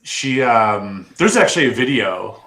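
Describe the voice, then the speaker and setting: A man tells a wild story on a podcast and acts out every quote in a lively way. His pitch sits in the middle. The room gives his voice a roomy echo. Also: a little slow. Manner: excitable, acts out quotes with big swings in pitch. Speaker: podcast co-host. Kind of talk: casual chat, animated storytelling.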